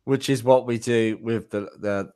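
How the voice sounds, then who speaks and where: A man's voice: medium pitch, fairly even intonation, unhurried, a little mellow, smooth. A man hosting a live-stream about mediumship, chatting casually and speaking directly to viewers. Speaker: host.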